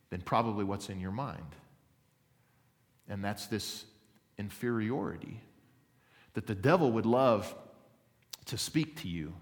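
A man preaching a sermon as pastor, earnest and building emphasis as he tells a story. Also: mid-range voice. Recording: reverberant hall.

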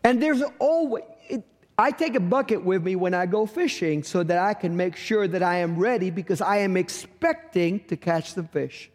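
Heard through long hall reverb, a middle-aged pastor with a high-pitched, slightly mellow voice preaches at a moderate pace. He weaves humor into a story and performs snippets of dialogue.

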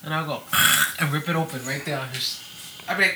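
A woman's voice: low voice, fairly quick. A woman in her thirties, a podcast co-host, chatting casually and acting out her children's voices as she tells stories. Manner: animated storytelling, acts out kids' voices. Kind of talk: casual chat. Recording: roomy with clear background noise.

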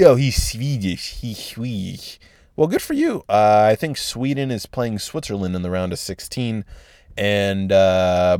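Profane rambling young man, low voice. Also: clean tone, no room sound, clean studio sound. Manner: profane, rambling, animated, slangy. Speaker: podcast host. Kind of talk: rambling solo podcast talk.

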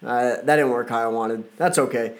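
A man hosting a casual wrestling reaction podcast, a little hoarse and froggy, chatting loosely with playful asides. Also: mid-range voice, steady tone, normal speed. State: slightly hoarse, froggy throat. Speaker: podcast host.

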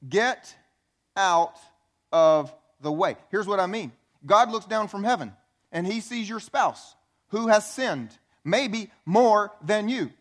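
A man's voice: sits high, expressive, measured pace. A man preaching a sermon as pastor, emphatic and repeating key phrases for effect.

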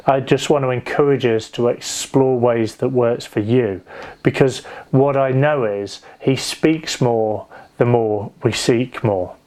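A man's voice: mid-range voice, slow, darkish tone. Man preaching, easygoing and rambling with anecdotes, mid-range voice. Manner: conversational, digressive storytelling with restarts. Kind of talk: sermon with personal anecdote.

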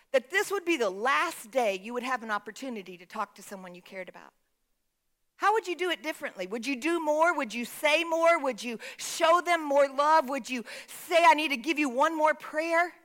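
A woman's voice: sits high, animated, normal speed, fairly bright tone, big-room sound. A woman pastor preaching a sermon and calling out to the congregation for responses.

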